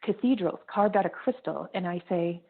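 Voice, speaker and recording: A woman guiding a meditation in a slow, soothing voice that drifts into whispers. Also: fairly low pitch, husky. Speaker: meditation guide. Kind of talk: guided meditation narration. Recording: tinny phone-like line.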